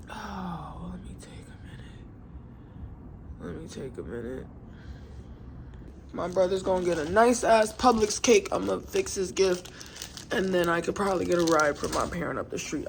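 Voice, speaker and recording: A woman's voice: low voice, vocal fry, slight background noise. A young woman chatting casually at home in a vlog, rambling and venting in loose slang. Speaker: vlogger.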